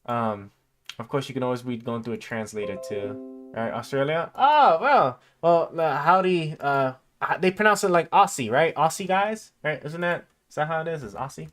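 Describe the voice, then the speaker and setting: A man streaming casually, rambling and stammering with many fillers as he reads and thinks aloud, dropping quieter while he reads and perking up again. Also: fairly high pitch, moderate pace, soft background music. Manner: drifts quieter when reading to himself, then perks up.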